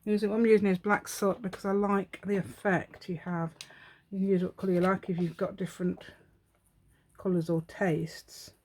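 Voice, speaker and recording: A woman's voice: fairly low pitch, little pitch movement, normal speed, a little mellow, a little hiss or hum. A woman hosting a crafting tutorial, chatting as she works, rambling and laughing often. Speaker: craft channel host.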